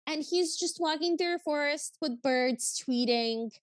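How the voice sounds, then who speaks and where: A woman co-hosting a podcast in casual chat, animated and exasperated as she recaps something. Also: sits high, unhurried, no echo. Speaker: podcast co-host.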